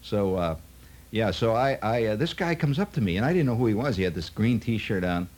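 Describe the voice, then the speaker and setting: A man's voice: on the low side, lively intonation, a little fast, a little mellow. A man telling a long, rambling anecdote in a chatty way, full of asides. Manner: chatty, full of "see" and "you know" asides. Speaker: storyteller.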